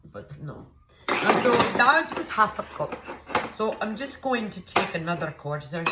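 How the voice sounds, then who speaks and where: A woman's voice: medium pitch, background noise, lightly acted. A woman playing a scatterbrained, cheerful female Mad Hatter who hosts an improvised comedy cooking demo, talking in a rambling, flustered way with a Scottish-tinged accent that drifts. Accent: Scottish-tinged, shifting. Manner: rambling, flustered, chatty, muddles measurements. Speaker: cooking show host in costume.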